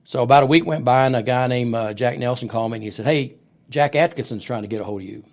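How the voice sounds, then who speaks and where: A middle-aged man with a gravelly, low-middle voice, spinning long anecdotes in a studio interview. He slips into the voices of the people he quotes as the stories roll on. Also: fast talker. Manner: animated storyteller who acts out quoted voices. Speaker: wrestling booker and promoter, podcast guest. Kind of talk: storytelling interview. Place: podcast studio.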